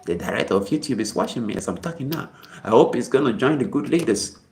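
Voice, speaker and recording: A man vlogging casual commentary, rambling and repeating himself as he swings from low muttering to sudden high exclamations. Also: animated, fast, darkish tone, slight background noise.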